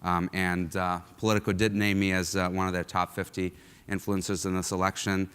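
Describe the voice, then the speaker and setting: A low-pitched man from Russia delivers a keynote talk in a large lecture hall. His voice is smooth and resonant, and it carries a long hall reverb. He speaks conversationally, with lots of ums and uhs. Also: little pitch movement, fairly quick, fairly bright tone.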